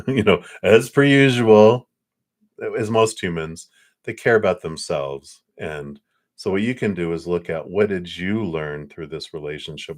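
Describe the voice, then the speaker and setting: Male psychic, low voice, soft reassuring tone, loose fillers, live tarot reading. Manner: gentle, reassuring, meandering with frequent fillers.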